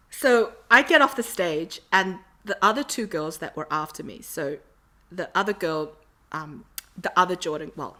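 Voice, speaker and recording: Bright, animated woman telling a story. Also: fairly low pitch. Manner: animated, acts out quotes. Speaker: podcast guest. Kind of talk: casual storytelling.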